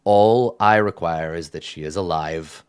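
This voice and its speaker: A cold, stern holy sister jailer, played by a man speaks in a low, hushed voice. Every word comes slow and formal, with chilly authority. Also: smooth, dry recording, clean studio sound.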